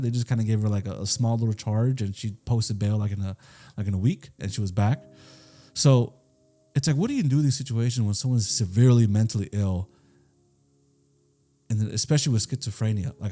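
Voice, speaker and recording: A man's voice: mid-range voice, dark tone. A young man co-hosting a podcast, retelling a true crime case in loose, profane, casual talk full of fillers. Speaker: podcast co-host.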